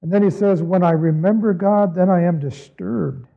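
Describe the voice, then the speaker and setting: A man's voice: high voice, moderate pace, gravelly, husky. A man preaching a sermon as a pastor, earnestly reading scripture and asking his listeners reflective questions. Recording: tinny phone-like recording.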